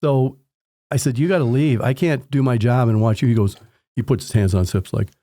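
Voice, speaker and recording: This home inspector has a mid-range voice and a fairly quick pace, and he recounts work stories conversationally while acting out the exchanges. It's a dry, studio-quality recording.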